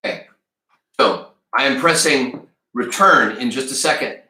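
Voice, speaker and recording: A man teaching a live-streamed read-aloud lesson, chatty and energetic as he talks to the viewers in the chat. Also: mid-range voice, a little slow, echoey room. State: a little out of breath.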